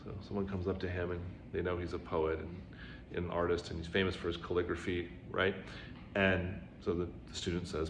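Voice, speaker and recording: A man with a low voice gives an informal Zen dharma talk at a moderate pace, chatty and sprinkled with "right?" and "you know" asides. He raises his voice to act out quoted dialogue, and the recording has a roomy echo with faint background noise.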